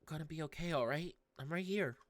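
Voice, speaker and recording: A woman reading the lines of a gentle young student from a game who comforts a friend in a soft, hushed voice. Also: sits low, a little fast, no room sound, natural voice. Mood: soothing.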